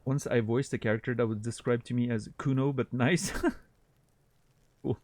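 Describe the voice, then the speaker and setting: A man doing casual gameplay commentary on a stream, thinking out loud with a dry, deadpan sense of humor. His voice sits in an ordinary middle range and is recorded close and dry, with no room around it. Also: mid-range voice, normal speed, dry recording.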